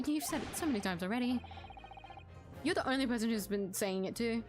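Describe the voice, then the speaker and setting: Woman streamer rambling through a game, highish voice, soft music in the back. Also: animated, a little fast, long pauses. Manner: chatty, thinking aloud. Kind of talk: casual let's-play commentary.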